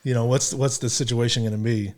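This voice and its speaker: A man's voice: medium pitch, fast talker. Man, middle-aged, podcast host, casual, rambling, filler-heavy. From Ohio, USA. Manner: relaxed, rambling with many fillers.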